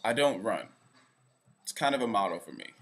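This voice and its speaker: Young male vlogger, lowish voice, rambling and self-mocking, talking straight to camera. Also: big pitch swings, moderate pace. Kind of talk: casual direct-to-camera vlog. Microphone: camera facing speaker.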